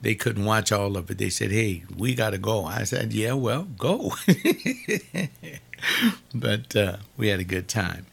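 A man's voice: lowish voice, fairly even intonation, moderate pace, gravelly, few pauses, fairly bright tone, slightly rough. An older man giving an informal sermon-style talk, repeating words for emphasis. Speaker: preacher.

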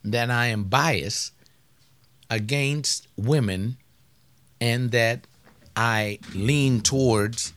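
A man speaks at a middle pitch, lecturing as a marriage counselor. He is emphatic and calls out directly to the men and women he is addressing. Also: extremely slow, long pauses, fairly bright tone. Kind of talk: lecture on relationships.

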